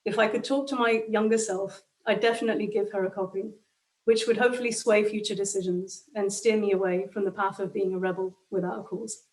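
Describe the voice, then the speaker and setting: A woman in her thirties reading a personal account in a steady, flat way. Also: mid-range voice, brisk, distant mic, low-quality recording. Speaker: guest sharing her fertility story.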